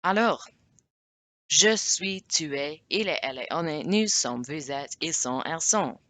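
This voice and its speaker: A woman giving a casual language lesson, chatting and correcting herself as she sounds out example phrases slowly. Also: sits low, expressive, fairly bright tone. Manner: chatty, self-correcting, drawn-out French examples. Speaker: language teacher.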